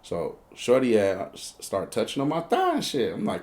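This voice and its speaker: A Chicago-accented man spins a casual, profane story from his own life in a slightly low voice. He plays both parts of every exchange in heavy slang and jumps into high-pitched yelps whenever the story turns scary. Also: wildly swooping pitch, normal speed, few pauses, darkish tone. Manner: slangy and profane, acting out both sides of the dialogue; breaks into high, squeaky outbursts when telling panicked moments. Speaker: storyteller host.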